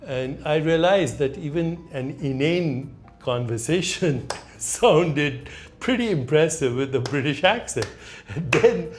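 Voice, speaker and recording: An older man with an Indian accent, speaking in a measured, reflective way as a guest, slowing down on key words and telling anecdotes. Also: on the high side, lively intonation, soft background music. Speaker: guest, spiritual author.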